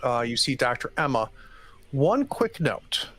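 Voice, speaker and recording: A man narrating as game master, relaxed and hesitant with many fillers. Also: medium pitch, unhurried.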